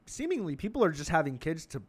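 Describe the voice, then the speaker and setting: Profane, rambling young man with a high voice. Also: sing-song, fast talker, breathy edge. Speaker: comedy podcast host. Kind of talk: casual comedic monologue.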